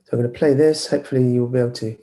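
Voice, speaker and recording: Mellow-voiced man giving an online lecture. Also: mid-range voice, fairly even intonation, very fast. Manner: hesitant, apologetic, many fillers and restarts. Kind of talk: online lecture with screen sharing.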